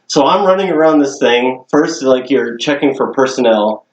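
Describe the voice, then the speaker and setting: A man's voice: medium pitch, lively intonation, normal speed, roomy sound. A young man casually telling a story on a podcast, swearing and laughing often. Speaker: podcast co-host.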